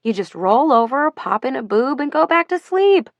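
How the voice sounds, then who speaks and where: A woman's voice: high-pitched, sing-song, normal speed, no echo, muffled recording, voice pushed up. A woman playing a blunt practical mom. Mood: frank. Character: blunt practical mother, marketing director.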